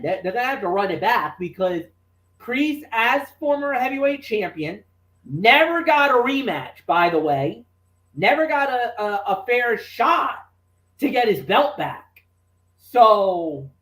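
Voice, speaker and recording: Excitable guy talking wrestling, keeps restarting, roomy echo. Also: very high-pitched, unhurried. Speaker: wrestling podcast co-host. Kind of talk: casual chat.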